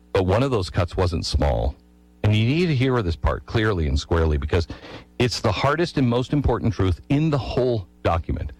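A man's voice: lowish voice, sing-song, normal speed, a little mellow, no room sound, poor audio. A man telling a history story with emphatic delivery, asking the listener rhetorical questions. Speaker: history speaker.

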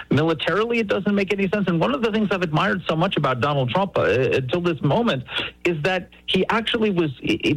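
An emphatic man in a political talk, his voice set a little higher than most men's. He keeps restarting his sentences and doubling words as he presses his points. The sound is close and dry, with no room in it. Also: dry recording, poor audio. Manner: emphatic, repeats words when starting sentences. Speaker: political commentator guest.

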